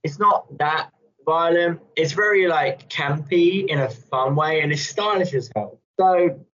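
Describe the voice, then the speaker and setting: A man's voice: on the high side, unhurried, fairly bright tone. A man chatting casually on a podcast, rambling and playful, often laughing. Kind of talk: casual chat. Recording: dull lo-fi sound.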